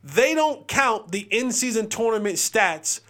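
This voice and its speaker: A young adult man hosting a casual sports podcast, joking, animated and restarting his sentences often. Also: high-pitched, a little slow. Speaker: podcast host.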